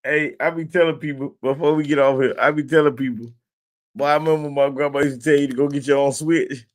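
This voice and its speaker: A man's voice: fairly high pitch, steady tone, quick pace. A man co-hosting a podcast who laughs along and tells his own childhood memories in casual slang. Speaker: podcast co-host. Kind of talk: casual chat.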